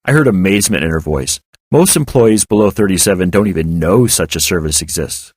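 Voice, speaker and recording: A man narrating first-person fiction in a measured, reflective storytelling manner. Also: deep voice, animated, darkish tone, breathy edge, no echo.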